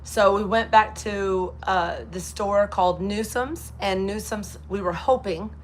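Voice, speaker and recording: A woman's voice: medium pitch, measured pace, a little hiss or hum. Chatty woman with a light Kentucky twang. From Texas. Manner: chatty storyteller, acts out other people's lines. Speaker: host. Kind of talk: casual live chat.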